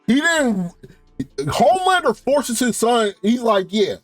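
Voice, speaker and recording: A young man with a high, bright speaking voice, rattling off a casual, profane TV recap. He laughs often and gets worked up as he talks. The sound is dry and close, with faint music underneath. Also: very animated, slow, no room sound. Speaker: TV show reviewer. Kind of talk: casual review rant.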